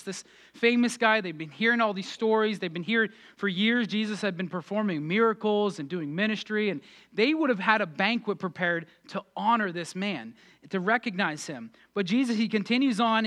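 High-voiced, fervent male pastor. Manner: energetic, emphatic, rising to fervent peaks. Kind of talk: sermon.

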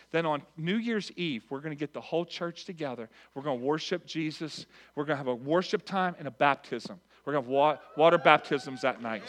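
A man's voice: a little high, a bit bright. A pastor giving church announcements in an earnest, conversational way, speaking directly to his congregation.

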